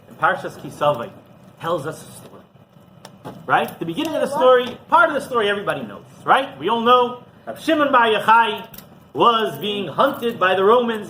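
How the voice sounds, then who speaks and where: A man, a rabbi, teaching a class through an animated story and often checking in with the listeners. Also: sits high, a little hiss or hum, low-quality recording. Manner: animated storyteller who often asks "right?".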